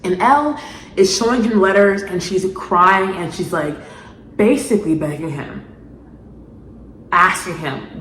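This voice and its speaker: A woman's voice: lowish voice, a little slow, long pauses, a little hiss or hum. Sarcastic woman ranting in an echoey room. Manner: animated, sarcastic, exasperated. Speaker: video essayist. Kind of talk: ranting commentary vlog.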